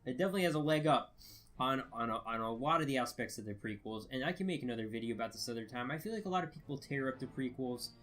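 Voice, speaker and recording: A man's voice: medium pitch, expressive, rapid-fire, a bit bright. A man giving a casual spoken review, rambling with many fillers and restarts. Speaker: video reviewer.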